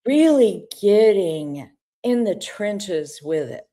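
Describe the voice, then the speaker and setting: A woman's voice: mid-range voice, very animated, slow pace, dark tone. A woman co-hosting a talk show, candidly telling an emotional personal story in conversation. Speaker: co-host.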